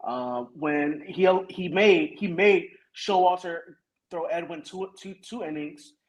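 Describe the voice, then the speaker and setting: A man's voice: fairly high pitch, slow pace, rough recording. A man on a sports podcast, breaking down managing decisions analytically with hesitant fillers. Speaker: podcast co-host. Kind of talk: casual sports chat.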